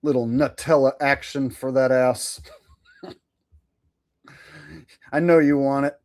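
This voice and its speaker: A man's voice: mid-range voice, steady tone, takes it slowly, a little mellow. A man hosting a live stream, who chats loosely in a joking, profane way. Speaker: streamer host. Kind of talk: casual live-stream commentary.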